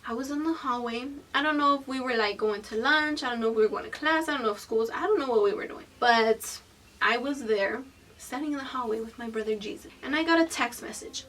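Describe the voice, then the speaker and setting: A young woman with a high voice tells a story from her own life, cursing freely and dropping into whispers for effect. Her voice sits a bit away from the mic. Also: a little fast, far from the mic. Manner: animated, profane, candid storytelling; swings between loud bursts and hushed whispered asides. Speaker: vlogger. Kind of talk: storytime vlog.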